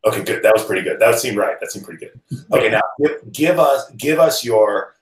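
A man co-hosting a casual chat, firing off playful, quick questions. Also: lowish voice, lively intonation, roomy sound, rough recording. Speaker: podcast co-host. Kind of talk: casual group chat over video call.

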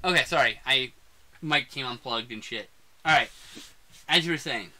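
A man co-hosting a podcast, chatting casually about a movie and ranting excitedly with lots of swearing. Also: mid-range voice, moderate pace. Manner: excitable, profane, laughing rants. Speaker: podcast co-host. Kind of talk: casual movie review chat. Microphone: desk mic on a live stream.

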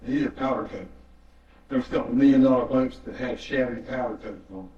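A man's voice: medium pitch, fast. A man preaching a sermon, telling a story in earnest and repeating phrases for emphasis. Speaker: pastor. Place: church sanctuary. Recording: echoey, distant, dull church recording.

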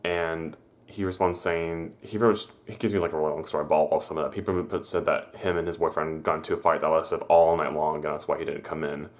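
A man telling a personal story to his viewers, halting, stammering and correcting himself as he goes. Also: rumbling low, level tone. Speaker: vlogger.

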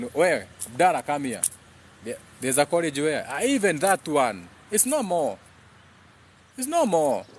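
Male streamer, mid-pitched, preachy and rambling, chants repeats, faint background hiss. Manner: preachy, switches between English and Swahili mid-sentence; repeats phrases in chant-like bursts. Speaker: live stream host. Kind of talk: rambling live-stream monologue reading comments.

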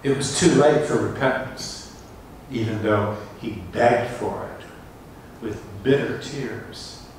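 A man's voice: mid-range voice, takes it slowly, a little hiss or hum. A male pastor preaching a sermon, reading scripture with dramatic rises in his voice. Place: church sanctuary. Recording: echoey church hall from far off.

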